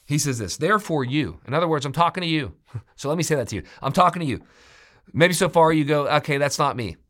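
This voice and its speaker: Man, middle-aged, pastor preaching a sermon, animated, pitch swings high when quoting. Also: fast talker.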